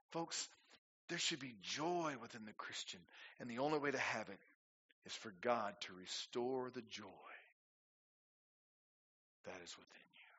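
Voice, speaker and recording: A man's voice: medium pitch, pushed and bright, husky, highs cut off. A male pastor preaching a sermon, rising to emphatic peaks and asking the congregation rhetorical questions.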